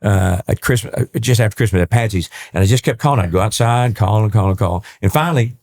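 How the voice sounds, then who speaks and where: A man's voice: lowish voice, quick pace, darkish tone. A man in his sixties with a Texan accent, a country singer telling folksy stories as a podcast guest, often repeating words as he goes. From East Texas. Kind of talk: storytelling in a podcast interview.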